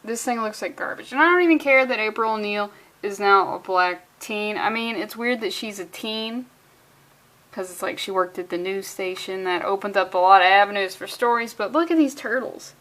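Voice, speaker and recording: A woman's voice: mid-range voice, moderate pace, fairly bright tone. A woman casually reviewing a comic book, rambling and profane, with lots of jokey asides.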